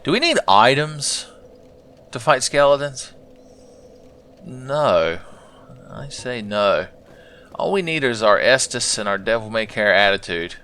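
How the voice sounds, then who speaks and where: A man's voice: mid-range voice, expressive, slow pace, long pauses, sharp tone. A man hosting a let's play, rambling through profane, sarcastic gaming commentary. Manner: rambling, sarcastic, swears a lot.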